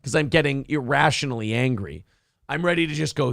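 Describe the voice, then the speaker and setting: A man's voice: mid-range voice, brisk, creaky, a bit bright, no echo, clean studio sound. A man hosting a morning show, telling a story as a profane, heated rant. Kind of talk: casual podcast chat.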